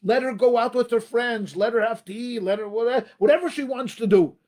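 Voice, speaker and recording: High-voiced, emphatic man giving a talk. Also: brisk. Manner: emphatic, repeats phrases, addresses the audience as ladies and gentlemen. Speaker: rabbi giving a talk on marriage. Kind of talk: motivational talk.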